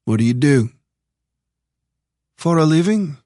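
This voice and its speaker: A man voicing a young Eastern European woman who is guarded but curious, asking careful questions in a raised, soft voice. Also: a little high, expressive, slow, dry recording, studio quality, voice pushed up.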